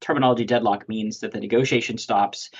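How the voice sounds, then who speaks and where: A man's voice: lowish voice, steady tone, fast talker, slightly rough. A man presenting a webinar lecture on negotiation, talking loosely with many fillers and restarts. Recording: dull lo-fi audio.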